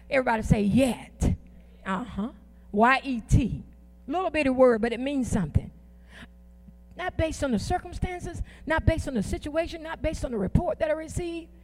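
A woman preaching a sermon in a church, with call-and-response and slow, drawn-out emphatic phrases. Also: high-pitched, expressive. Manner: folksy, uses "ain't" and "y'all".

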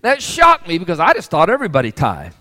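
Male pastor preaching, fairly high voice, rhetorical questions to the congregation, long church reverb. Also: huge pitch swings, quick pace, pushed and bright. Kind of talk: sermon.

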